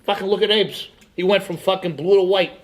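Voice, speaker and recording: A man's voice: high voice, fairly even intonation, fairly quick. A man co-hosting a podcast, chatting about sports in a blunt, profane way and laughing often. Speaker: podcast co-host. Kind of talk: casual sports chat.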